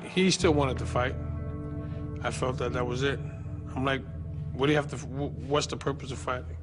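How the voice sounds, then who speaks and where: A male boxing trainer talks in a flat, subdued tone with little rise or fall. Music plays clearly under his words. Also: mid-range voice, moderate pace. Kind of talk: interview recollection.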